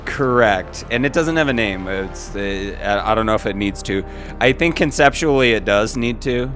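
Rambling low-voiced man with music behind. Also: expressive, normal speed, a bit bright. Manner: rambling, self-interrupting. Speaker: writer leading a script read-through. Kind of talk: casual chat.

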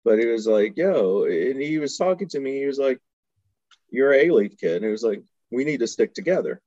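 A man's voice: medium pitch, animated, a little fast, dark tone, dry recording, highs cut off. A man from Houston telling stories in casual chat as a podcast guest, laughing often and acting out the voices of people he quotes. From Houston, Texas. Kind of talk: casual storytelling.

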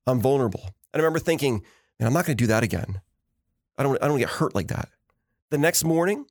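Lively middle-aged guy chatting, voice bouncing all over, dry close sound. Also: mid-range voice, no room sound. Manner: animated storyteller acting out quotes. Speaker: podcast co-host. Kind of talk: casual chat.

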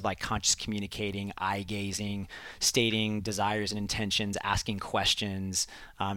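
A man's voice: lowish voice, bright, forceful tone, no room sound. A man hosting a podcast, telling a personal story in a casual, reflective way, with lots of fillers. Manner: reflective, earnest, frequent fillers like "like" and "um". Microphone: headphones and studio mic.

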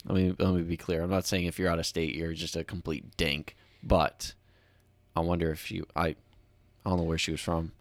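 A man with a deep voice tells stories on a podcast, full of energy. He acts out the shouting of the people he quotes. The sound is close and dry, with no room echo. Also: little pitch movement, fairly quick. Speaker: podcast co-host. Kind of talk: casual chat.

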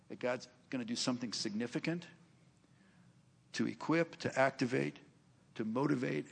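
Older male preacher, slightly high gravelly voice, chatty storyteller who laughs between lines. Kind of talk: sermon storytelling.

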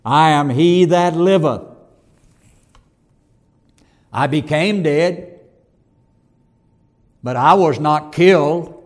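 A man preaching a sermon, slow and emphatic, rising to loud declarations and dropping to near whispers, calling his listeners "hon". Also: fairly high pitch. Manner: slow, emphatic preaching with swells and drops in volume.

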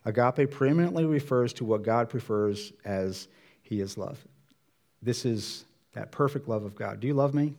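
A pastor giving a sermon in a conversational way, acting out Bible dialogue with changes of voice. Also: male voice, fairly low pitch, measured pace, a little mellow.

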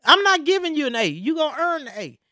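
Woman, bright and emphatic, animated conversational rant. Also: high-pitched, fast, no echo, studio quality. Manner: emphatic, preachy, animated storytelling. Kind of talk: casual chat.

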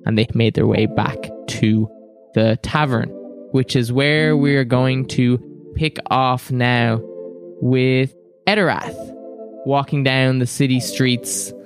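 A man narrating a tabletop game as game master, relaxed and laughing often. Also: medium pitch, takes it slowly. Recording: soft music behind.

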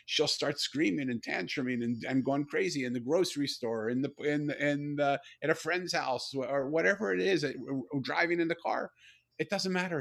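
Slightly high and gravelly, this older guest author's voice carries an animated story told in conversation. He frequently restarts and repeats what he's saying.

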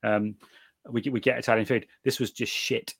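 A middle-aged British man chatting casually, telling animated stories with many restarts and the odd swear word. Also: mid-range voice, moderate pace, creaky, breathy edge, no echo, studio quality. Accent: British English. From Britain. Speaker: guest reviewer of night vision gear. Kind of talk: casual chat.

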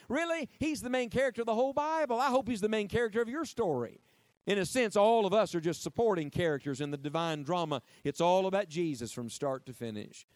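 High-voiced emphatic male preacher. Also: dry recording. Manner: emphatic, repeats key phrases, prompts the congregation to respond; playful asides in a pulpit voice. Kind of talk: sermon.

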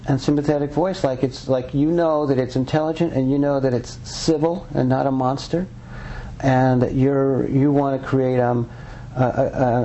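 A man's voice: medium pitch, mellow, muffled recording, slight background noise. A man being interviewed as an author and researcher, talking earnestly and rambling with frequent restarts. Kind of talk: conversational interview.

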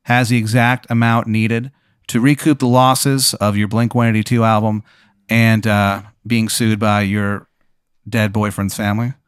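A man's voice: fairly low pitch, level tone, measured pace, smooth, no echo, clean studio sound. A man hosting, improvising a comic second-person story with a rambling, filler-heavy delivery. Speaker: host.

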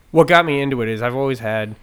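A man's voice: mid-range voice, clean tone. A man on a podcast, chatty and full of fillers, out of breath from climbing stairs. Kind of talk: casual podcast chat.

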